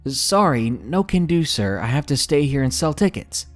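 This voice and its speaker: A man voicing a polite teenage girl selling cinema tickets, with forced customer-service cheer, a little higher than his own voice. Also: sing-song, normal speed, faint music behind, close to an everyday voice. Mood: chirpy polite.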